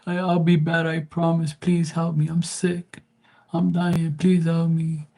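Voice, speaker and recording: Desperate sick sinner on his deathbed, pitched high and whining, as a man mocks him. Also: completely flat delivery, measured pace, mellow. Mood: pleading. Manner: pleading, whiny, high-pitched. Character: desperate dying person begging Jesus for help.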